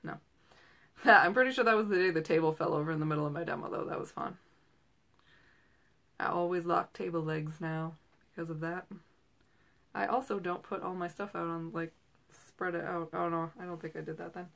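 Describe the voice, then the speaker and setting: A woman's voice: lowish voice, fairly even intonation, fairly quick, gravelly, fairly bright tone. Thirties woman host, loose rambling chat with many asides and fillers. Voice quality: rambling, chatty with frequent fillers and tangents. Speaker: host and direct seller. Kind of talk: casual chat. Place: small room at home.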